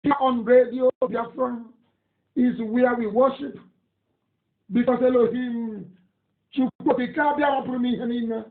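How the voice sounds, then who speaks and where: A man's voice: very high voice, fairly even intonation, normal speed, long pauses. A man with a Nigerian accent giving a live radio broadcast, reading listener messages in an emphatic, indignant, repetitive way. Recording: tinny phone-like audio, echoey room.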